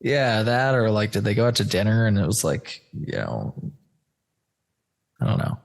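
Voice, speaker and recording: A man's voice: on the low side, very animated, moderate pace, creaky, long pauses. A man hosting a podcast in casual chat, loose, rambling and profane, addressing listeners as folks while walking through a shared screen. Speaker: podcast host.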